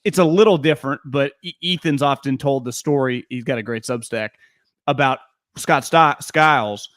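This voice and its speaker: A man hosting a casual sports talk show, telling stories in an animated way with quick asides. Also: mid-range voice, no room sound, clean studio sound.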